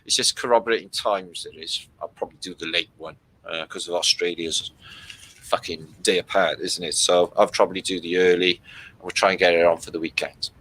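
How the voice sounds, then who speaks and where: Sweary man, bright voice, rambling. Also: sits low, steady tone, fairly quick, breathy edge, poor audio. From Britain. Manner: rambling, sweary, reads out chat comments. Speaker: livestream host. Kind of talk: casual livestream chat with viewers.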